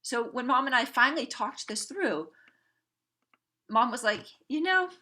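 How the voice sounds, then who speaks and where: Bright-voiced woman telling a story. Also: fairly high pitch, measured pace. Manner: animated, acts out quoted family members. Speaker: parenting coach. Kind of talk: storytelling talk to a group.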